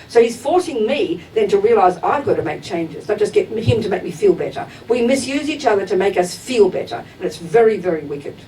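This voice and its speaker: At a Buddhist center's teaching hall, a woman gives a dharma talk to a class, animated, a little fast, and slightly mellow. She's direct and emphatic, acting out everyday examples. A distant mic catches her with a faint rumble.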